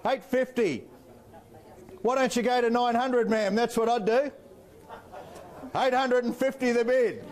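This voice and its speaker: An Australian man working as an auctioneer, calling bids in a rapid rhythmic patter with playful banter to the bidders. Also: very high-pitched, darkish tone. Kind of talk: live property auction calling.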